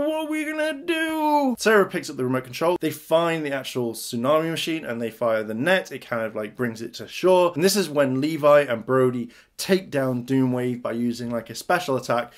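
A man's voice: medium pitch, moderate pace, hardly any pauses. A man casually recapping and reviewing a TV episode, talking loosely with lots of "like" and "kind of". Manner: chatty, fills with "like" and "kind of".

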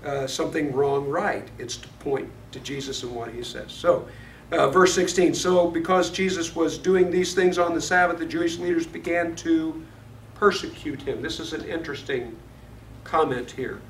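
A man's voice: on the high side, moderate pace, slight background noise. A man from Florida teaching a Bible study lesson in a conversational way, often asking the class questions. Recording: echoey room, mic far off.

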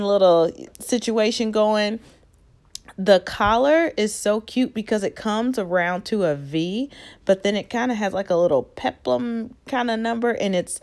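A woman fashion vlogger chatting casually to her viewers in a try-on haul, expressive and direct. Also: medium pitch.

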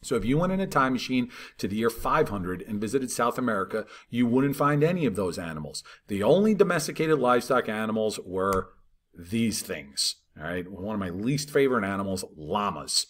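A man teaching a history lesson in a relaxed, conversational way, talking over maps and checking in with "right?" and "all right". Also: fairly low pitch, normal speed.

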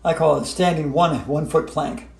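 A man teaching a playful yoga routine in a whimsical, gently encouraging way. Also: on the high side, normal speed, vocal fry. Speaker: yoga instructor. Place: hotel room. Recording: roomy echo.

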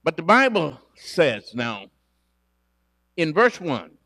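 A man preaching a sermon, animated and swinging between loud emphasis and quiet asides. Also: fairly high pitch, slow pace, vocal fry, dry recording, studio quality. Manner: acts out quoted scripture speakers dramatically.

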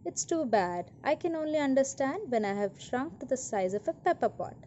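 A woman voicing a kindly, tiny old housewife in a storybook, speaking gently and matter-of-factly. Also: high-pitched, expressive, moderate pace, muffled recording, a little hiss or hum, pitched above the performer's own voice. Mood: gentle.

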